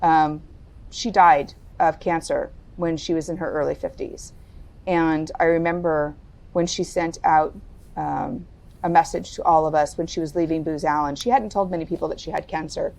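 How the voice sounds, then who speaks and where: A middle-aged woman telling a personal story as a podcast guest, candid and deliberate. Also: steady tone, creaky, a little mellow. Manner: candid, lowers her voice and speaks deliberately. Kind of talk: reflective interview storytelling.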